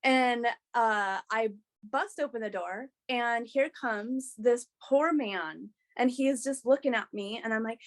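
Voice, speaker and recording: A woman guest on a podcast, sharing a personal story in a candid, animated way with frequent restarts. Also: on the high side, moderate pace.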